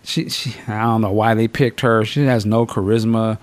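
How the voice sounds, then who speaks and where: A man's voice: fairly low pitch, moderate pace, no room sound. Slangy man hosting a podcast. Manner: slangy and profane, animated storytelling. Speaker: podcast host. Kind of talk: casual film review chat.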